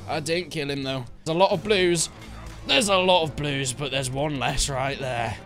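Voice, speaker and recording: A young man giving jokey, excitable commentary while playing a video game. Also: on the high side, moderate pace, soft background music. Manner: excitable, jokey, yelps and laughs at the action. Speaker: gaming YouTuber. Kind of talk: live gameplay commentary.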